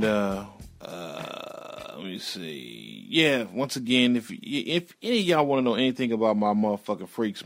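A man hosting a podcast, signing off in a casual, rambling, profane way. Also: on the low side. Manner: profane, laid-back, rambling. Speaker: podcast host. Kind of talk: casual show sign-off.

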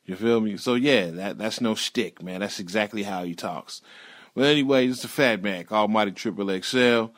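A man's voice: on the low side, normal speed. A man hosting a podcast, signing off in a casual, rambling, profane way. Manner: profane, laid-back, rambling. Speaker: podcast host. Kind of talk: casual show sign-off.

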